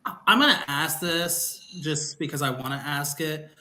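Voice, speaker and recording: A man on a livestream discussion, speaking in a measured, questioning way. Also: a little high, pushed and bright.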